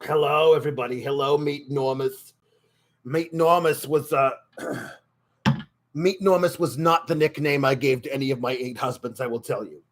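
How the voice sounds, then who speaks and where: A man voicing a throaty, gushing older woman with eight husbands during live stream commentary, warmly greeting viewers by name. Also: medium pitch, steady tone, moderate pace, natural voice.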